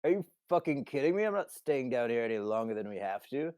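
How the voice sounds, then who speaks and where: A man's voice: low-pitched, moderate pace, a little mellow, no room sound, clean studio sound, close to an everyday voice. A man doing a cursing, irritable henchman. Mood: annoyed. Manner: cursing, impatient. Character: irritable foul-mouthed male henchman.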